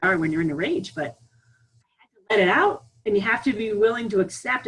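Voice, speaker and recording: Husky-voiced woman on a spiritual call. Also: medium pitch, fairly quick, low-quality recording. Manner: candid and animated, with frequent laughs. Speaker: spiritual teacher on a live group call. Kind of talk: casual spiritual talk. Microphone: online group call.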